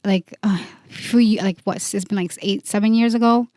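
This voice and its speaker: A woman's voice: medium pitch, fairly even intonation, moderate pace, darkish tone, dry recording, clean studio sound. A woman in her thirties co-hosting a podcast, telling stories in a rambling casual way. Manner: storytelling, rambling restarts with "like" and "you know". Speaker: podcast co-host. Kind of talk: casual chat.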